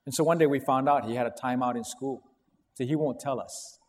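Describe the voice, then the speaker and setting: A middle-aged pastor with a medium-pitched voice preaches fairly quickly, telling stories with animation and acting out quotes. The recording carries a long hall reverb.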